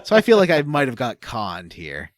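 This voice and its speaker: Lively, chatty man on a podcast. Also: medium pitch, moderate pace, dry recording, studio quality. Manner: rambling, hesitant, lots of uh and restarts. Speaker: podcast co-host. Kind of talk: casual chat about a video game.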